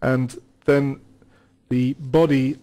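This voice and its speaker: A man's voice: medium pitch, flat delivery, extremely slow, warm tone. A man teaching about scripture in a studio conversation, reading passages aloud and explaining them earnestly, with occasional restarts. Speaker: guest Bible teacher.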